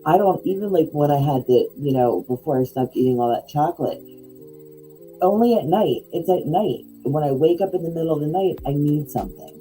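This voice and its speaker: Podcast co-host, middle-aged woman, rambling casual chat, very warm mellow tone, soft music under. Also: low-pitched, expressive, fairly quick, rough recording. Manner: rambling, full of likes and restarts.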